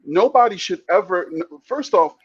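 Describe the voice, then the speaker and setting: A man on a casual talk show who speaks bluntly and with heavy emphasis, swearing freely and repeating words as he builds each point. His voice is a little high and somewhat husky. The recording is dull and lo-fi. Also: animated, normal speed. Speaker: podcast co-host. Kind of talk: heated casual discussion.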